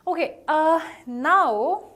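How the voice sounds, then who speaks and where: A woman teaching pronunciation in an online lesson, upbeat, quizzing viewers and repeating each word slowly. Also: sits high, lively intonation, fairly bright tone.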